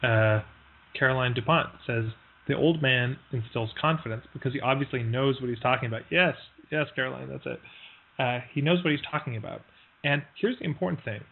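Gravelly man telling a story, phone-like. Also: mid-range voice. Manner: relaxed, halting storyteller with fillers and brief voiced quotes. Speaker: online workshop teacher. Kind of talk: storytelling in a live online lesson. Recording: tinny phone-like line.

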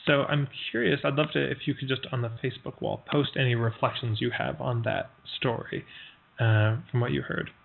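A man teaching an online workshop, telling a parable in a relaxed, halting way with many fillers and brief voiced quotes. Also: medium pitch, vocal fry, a little hiss or hum. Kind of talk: storytelling in a live online lesson. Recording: tinny phone-like line.

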